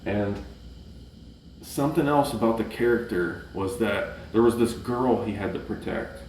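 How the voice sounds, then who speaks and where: Casual movie-review vlogger, man, low voice, filler-heavy rambling, recorded off-mic in an echoey room. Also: a little mellow, a little hiss or hum. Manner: rambling, many fillers and restarts. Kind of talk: casual chat. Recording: roomy echo, mic at a distance.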